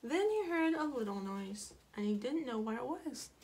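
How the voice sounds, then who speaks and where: A woman's voice: fairly high pitch, lively intonation, moderate pace, hardly any pauses, slight background noise. A woman reading a picture book aloud to children in a playful way. She asks them questions and acts out the sound effects, with small asides and corrections along the way. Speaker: children's story reader.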